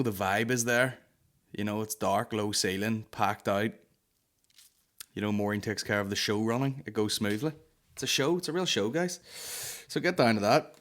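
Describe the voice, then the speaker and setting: Sweary Northern Irish man riffing. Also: mid-range voice. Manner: sweary, rambling, excitable storytelling with put-on voices. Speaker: podcast host. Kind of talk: casual comedy monologue.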